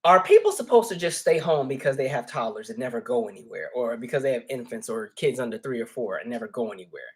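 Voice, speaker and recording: A mid-pitched man talks through the news of the week in a casual commentary vlog. He is chatty and candid. He keeps checking in with his listeners as he goes. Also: expressive, fast. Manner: chatty, asks "right?" and "you know" often; candid, easygoing storyteller. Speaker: host.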